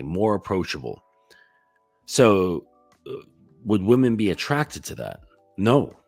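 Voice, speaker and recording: A man's voice: deep voice, no room sound. A man coaching other men on dating in a blunt, profane, casual monologue, padded with lots of "like". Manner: blunt, profane, heavy use of "like".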